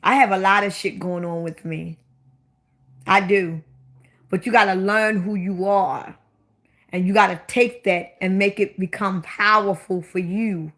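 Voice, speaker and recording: A woman older than 25 chats casually on her own livestream in a Baltimore accent, blunt and long-winded, often repeating her questions for emphasis. She speaks at medium pitch, unhurried and steady, with a fairly bright tone.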